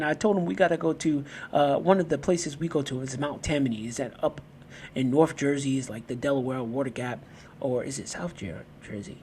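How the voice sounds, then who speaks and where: A man's voice: a little high, expressive, a little fast, a little mellow, a little hiss or hum. A man hosting a podcast, talking about self-love in a casual, storytelling way and often repeating and restarting his phrases. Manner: conversational, repeats and restarts phrases while telling stories. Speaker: podcast host. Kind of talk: personal motivational talk.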